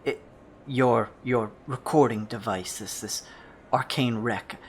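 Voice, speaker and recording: A man voicing a sly male jeweler shopkeeper with a gem for an eye, speaking in a hushed, confiding way that often drops to a whisper. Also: mid-range voice, slow pace, a little hiss or hum.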